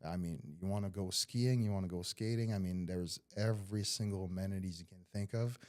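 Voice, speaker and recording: A middle-aged man with a fairly low voice, talking as a podcast guest. He tells stories in an animated way, with loose grammar and plenty of fillers. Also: a little fast, dry recording. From Montreal, Canada. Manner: animated storyteller with loose, slightly non-native grammar. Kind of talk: casual interview storytelling.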